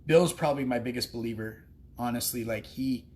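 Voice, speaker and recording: A man's voice: mid-range voice, a little fast, darkish tone. A man in recovery sharing his story during a livestream from a cafe. He is emotional and rambles, with many ums and restarts. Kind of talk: heartfelt livestream speech.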